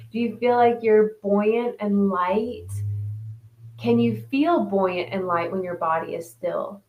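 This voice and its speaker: A woman hosts a casual reflection session for an online group. She talks in a loose, conversational way, reading out comments from participants and answering them. Her voice sits at a middle pitch and has a clear, roomy echo. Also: dull audio. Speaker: wellness group host.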